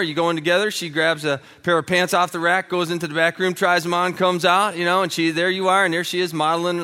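A male pastor delivering a lively sermon, his voice bright and forceful and pitched a touch high. He tells funny everyday stories with lots of energy, slipping into little comic voices as he goes. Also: big-room sound. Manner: quiet and hushed while praying. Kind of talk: sermon with prayer and humorous stories.

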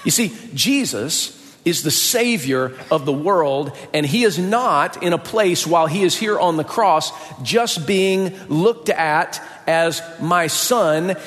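A man from the US South preaching a sermon as pastor, folksy and lively, joking about his own mother. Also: sits high, takes it slowly. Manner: animated, folksy, jokes about his mom with playful impressions. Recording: long hall reverb.

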